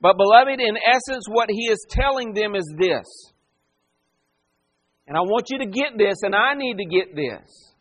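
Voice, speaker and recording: A man with a high voice preaches a sermon. He slips into the voices of the people in his story and keeps putting pointed questions to his listeners. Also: lively intonation, measured pace, a bit bright. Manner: dramatic voicing of quoted figures, rhetorical questions. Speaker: pastor.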